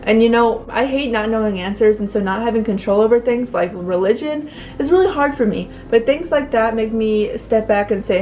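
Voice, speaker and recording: A young woman speaks to her viewers in a personal vlog, emotional and close to tears. She halts often, with many fillers and restarts, in a slightly high voice with a dark tone.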